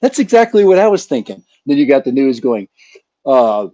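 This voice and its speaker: A man's voice: medium pitch, sing-song, moderate pace, dark tone, no room sound. A man hosting his channel in a casual live chat, rambling and joking with a chuckle. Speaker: channel host. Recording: dull lo-fi sound.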